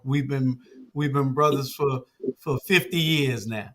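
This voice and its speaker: Older guy running his own network, laid back, lots of ums, mid-pitch voice. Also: a little slow. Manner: relaxed, uses many fillers like "uh" and "um". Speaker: media network owner. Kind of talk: casual talk show chat.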